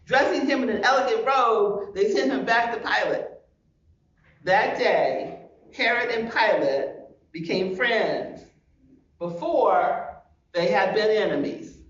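A woman's voice: medium pitch, animated, takes it slowly, muffled recording. A woman pastor preaching a sermon, emphatic and full of rhetorical questions, recorded from a distance in a large church hall.

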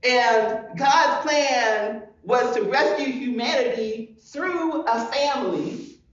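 A woman's voice: on the high side, slow pace, muffled recording. A woman pastor preaching a sermon, emphatic and full of rhetorical questions, recorded from a distance in a large church hall.

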